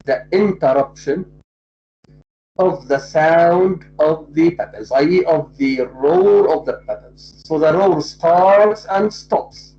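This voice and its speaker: Lecturer, very slow and methodical, poetry class, dull lo-fi sound. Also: medium pitch. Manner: slow, deliberate, repeats and spells out points. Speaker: literature lecturer. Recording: dull lo-fi recording.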